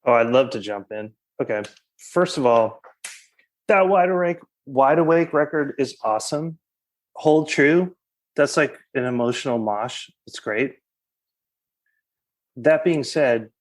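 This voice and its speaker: A man talking as a podcast guest in casual chat, animated and full of swearing and "like". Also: medium pitch. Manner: animated, swears, heavy use of "like".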